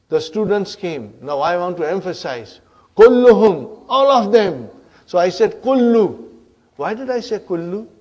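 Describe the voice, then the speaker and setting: Man teaching grammar in a classroom, fairly high voice, takes it slow, keeps checking the class follows. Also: a little mellow. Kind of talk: classroom lecture.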